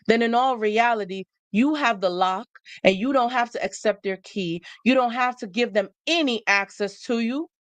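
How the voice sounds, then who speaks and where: A woman's voice: a little high, no room sound. A woman hosting a live stream, talking in an emphatic, preachy way and repeating phrases for effect. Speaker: livestream host. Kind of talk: motivational live talk to viewers.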